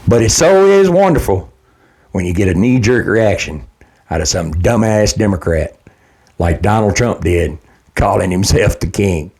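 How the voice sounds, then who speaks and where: A man's voice: lowish voice, expressive, unhurried, darkish tone, breathy edge. A man delivering a heated, blunt, profane political rant straight to his audience, hammering his points by repeating them. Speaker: political commentator. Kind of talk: direct-to-camera political rant.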